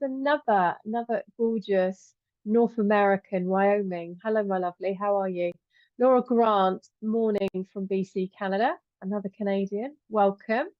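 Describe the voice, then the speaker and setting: A middle-aged woman hosts a live stream in a chatty, affectionate way, greeting viewers one by one. Her voice sits at an ordinary pitch. The sound is dry and dull, like a lo-fi close mic. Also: no echo. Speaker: host and angel teacher.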